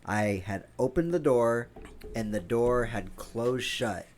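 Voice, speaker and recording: A man's voice: medium pitch, animated, slow pace, darkish tone. A man co-hosting a casual comedy podcast, telling a rambling story and laughing often. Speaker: podcast co-host. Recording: faint noise, home studio.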